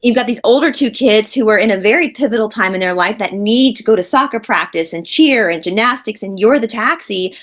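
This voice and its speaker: A woman's voice: fairly high pitch, lively intonation, a little fast, hardly any pauses, fairly bright tone. A woman, an interviewer speaking earnestly and emphatically in a casual video-call chat. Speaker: co-host interviewer.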